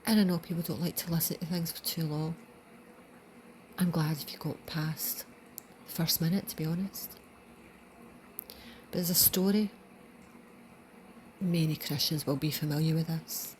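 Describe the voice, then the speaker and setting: A woman with a Scottish accent giving an earnest spiritual reflection, dropping into soft whispers for emphasis. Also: low voice, steady tone, normal speed, pauses often, a little hiss or hum. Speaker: channel host.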